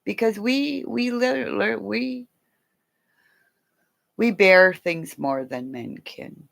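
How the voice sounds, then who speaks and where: A middle-aged woman chatting on a livestream. She talks slowly, and her pitch swings widely as she laughs and jokes with viewers. Her manner is playful and warm toward her audience. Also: animated, vocal fry. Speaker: livestream host. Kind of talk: casual livestream chat.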